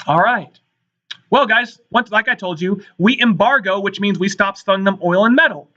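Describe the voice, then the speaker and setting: A man with a high-sitting, sharp voice teaches a history lesson at normal speed, speaking emphatically to his students and often checking in with "all right" and "guys." It's a recorded classroom lecture with dull, lo-fi sound.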